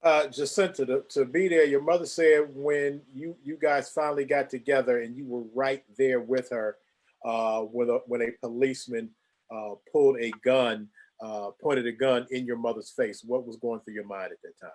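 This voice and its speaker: A man's voice: medium pitch, steady tone, normal speed, darkish tone. A man hosting an interview show over a video call, often repeating words as he starts his questions. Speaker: host.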